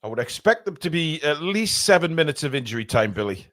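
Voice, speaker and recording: High-voiced excitable fan commentator. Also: male voice, a little fast. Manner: excitable, shouts during attacks, swears, jokey banter. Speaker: live match commentator.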